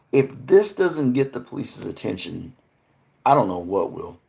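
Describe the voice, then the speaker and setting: A man's voice: deep voice, gravelly, a little mellow. A man hosting a live stream, rambling earnestly to his chat with frequent restarts. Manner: rambling, halting, many restarts; earnest, talks to chat viewers by name.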